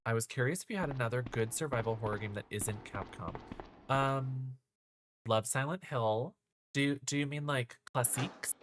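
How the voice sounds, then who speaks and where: A woman's voice: a bass voice, moderate pace, background noise. A woman livestreaming a horror game, chatting in a campy, sassy way and answering her viewers. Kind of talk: casual livestream commentary.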